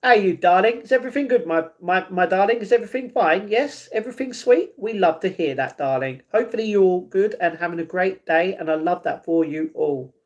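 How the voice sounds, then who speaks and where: A doting posh British gentleman, all sweetness and lilting sing-song, fussing over everyone with tea and "darling", as a man puts him on. The voice sits fairly high for a man and floats up and down. It is soft and fussily kind rather than loud. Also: a little fast, hardly any pauses, natural voice.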